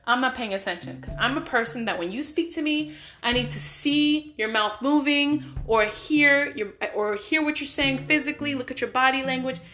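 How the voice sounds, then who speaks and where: A woman's voice: high-pitched, moderate pace, pushed and bright, faint music behind. A middle-aged woman hosting a podcast, giving casual motivational talk in a direct, emphatic way straight to the listener. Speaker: podcast host.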